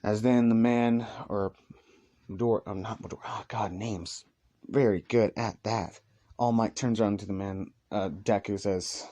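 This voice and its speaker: A man's voice: fairly low pitch, fairly even intonation, unhurried, mellow. A man improvising a fan story, rambling casually and correcting himself as he goes.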